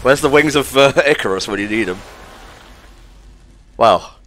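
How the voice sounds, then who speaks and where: A man's voice: mid-range voice, normal speed, fairly bright tone, slight background noise. A man playing a video game and commenting casually, with a dry, teasing sense of humor. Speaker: let's play gamer.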